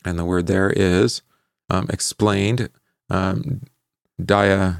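A man leading a Bible study lesson, conversational, often asking "right?" and pausing with fillers as he recalls verses. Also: deep voice, little pitch movement, gravelly, dry recording, studio quality. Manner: conversational, asks questions and adds "right?"; halting, with many fillers while recalling verses. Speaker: pastor teaching a Bible class.

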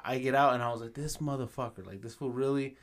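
A man's voice: medium pitch, fast talker. A man co-hosting a podcast in casual chat, cursing freely and mixing into as he tells stories. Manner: profane, animated storytelling. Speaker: podcast co-host.

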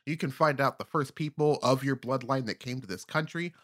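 A man co-hosting a casual podcast, talking in a rambling, profane way with halting restarts. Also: mid-range voice, fairly bright tone. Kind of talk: casual chat.

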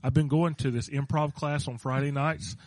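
A man's voice: a little high, fairly even intonation, normal speed, no room sound. A man co-hosting a ministry podcast in casual chat, joking and bantering playfully. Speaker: podcast co-host, pastor.

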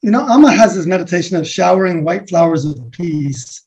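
A man from the USA, speaking as a guest in a reflective spiritual conversation, rambling softly with many restarts and fillers. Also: sits high, animated, brisk. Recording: dull lo-fi recording.

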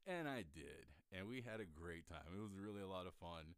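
A middle-aged man hosting a podcast, telling a personal story in an animated way, often restarting his sentences and acting out what people said. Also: deep voice, normal speed, no echo. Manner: animated, acts out quoted voices, frequent restarts. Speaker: podcast host.

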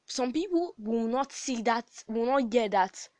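A woman's voice: a little high, animated, measured pace, a little mellow, no room sound. A young woman hosting a casual podcast, giving advice in a chatty way with restarts and laughs. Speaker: podcast host.

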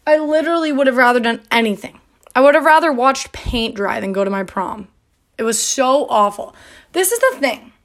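Young woman, podcast host, a touch high-pitched, breathless, rambling casual chat. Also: brisk. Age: young adult. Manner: rambling, filler-heavy, with frequent "like" and laughs.

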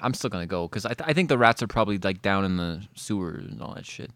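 Lively, laughing man in casual chat. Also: sits low, quick pace, no room sound, clean studio sound. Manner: laughing, swearing, animated storytelling.

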